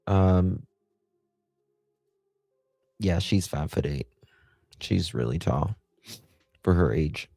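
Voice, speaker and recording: Man, livestream host, very deep voice, slow, casual rambling chat with viewers, dry close sound. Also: expressive, gravelly, warm tone, no room sound. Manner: rambling, chatty, talks back to chat.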